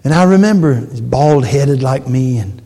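A man's voice: medium pitch, expressive, moderate pace, warm tone. A man in his sixties preaching a sermon, with emphatic, dramatic storytelling. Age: 60s. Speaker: pastor.

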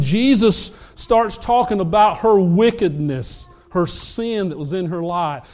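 Man, pastor, high-pitched, animated storytelling sermon. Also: measured pace. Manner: animated storyteller, acts out dialogue.

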